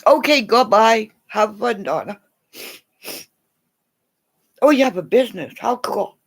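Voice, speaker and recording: Woman livestreamer, rambling chat, swooping up and down in pitch, soft whispered asides. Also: lively intonation, a little slow, slightly rough. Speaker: livestream host.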